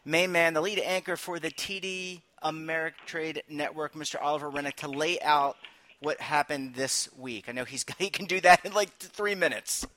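A man's voice: on the high side, fairly even intonation, bright, forceful tone. A man hosting a talk show, chatting casually, joking and introducing guests. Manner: upbeat, joking, quick asides. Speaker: show host.

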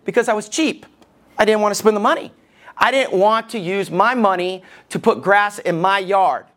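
A man's voice: high-pitched, normal speed, fairly bright tone. Joking, conversational male pastor preaching. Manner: conversational, joking, checks in with the congregation. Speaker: lead pastor. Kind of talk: sermon.

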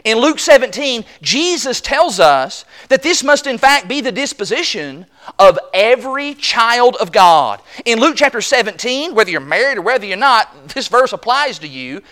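A preacher delivering a sermon with a bright, edged tone. The pitch rises and falls widely from phrase to phrase. The delivery is emphatic, and the preacher slips into voicing the people being quoted. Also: sing-song, moderate pace. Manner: emphatic, acts out quoted voices. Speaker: pastor.

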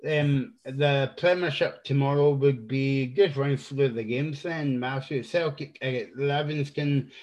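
A man's voice: mid-range voice, fairly even intonation, measured pace, few pauses, a little mellow. A man with a Scottish accent hosting a casual football podcast, joking, with many fillers. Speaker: host.

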